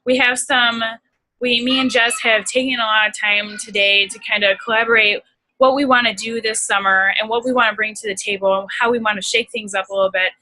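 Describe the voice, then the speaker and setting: A woman's voice: a little high, steady tone, a little fast, bright, forceful tone, rough recording. A young woman leading a team conference call, upbeat and rambling with many fillers. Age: young adult. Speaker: team leader.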